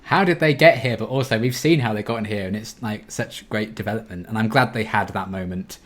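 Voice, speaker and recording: A man talking casually as a podcast guest, animated when retelling scenes. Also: lowish voice, a little fast. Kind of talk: casual chat.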